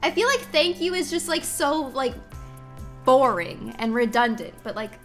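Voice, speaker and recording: A woman's voice: sits high, expressive, normal speed, a bit bright, faint music behind. A woman streamer chatting with her viewers, giggly and effusive, exclaiming often. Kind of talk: live-stream chat with viewers.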